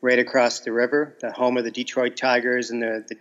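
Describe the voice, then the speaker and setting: Bright-toned Canadian man in his fifties. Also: medium pitch, flat delivery, a little fast, highs cut off. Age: 50s. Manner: easygoing, hesitant with fillers. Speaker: international teacher, guest. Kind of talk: relaxed interview chat.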